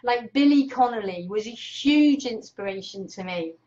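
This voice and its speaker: Speaking at normal speed in a fairly high voice, this excitable speaking coach runs a casual Facebook Live session and greets viewers by name. Her bright, energetic delivery comes through lo-fi audio from a webcam clipped to her monitor.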